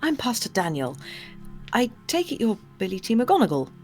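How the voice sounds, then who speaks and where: A streamer voicing a nervous, soft-spoken pastor in a visual novel, read out gently. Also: mid-range voice, wildly swooping pitch, normal speed, faint music behind. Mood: gentle.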